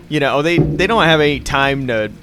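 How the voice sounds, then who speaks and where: A man's voice: fairly high pitch, very animated, normal speed, background noise. A man hosting a podcast in casual chat, laughing often and swearing freely. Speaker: podcast host.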